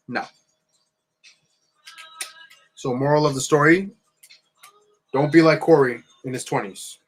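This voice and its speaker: A man from New Jersey telling a story in a chatty, animated vlog style. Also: mid-range voice, a little hiss or hum, low-quality recording. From New Jersey, USA. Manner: chatty, animated, frequent fillers. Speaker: vlogger and LEGO builder.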